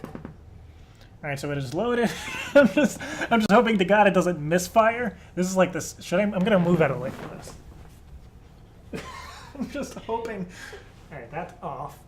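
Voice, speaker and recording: A man's voice: high voice, animated, moderate pace, pauses often. Young man, live-stream host, jittery, cursing, laughing, faint background hiss. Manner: nervous, swearing, laughing often. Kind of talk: casual live-stream chat.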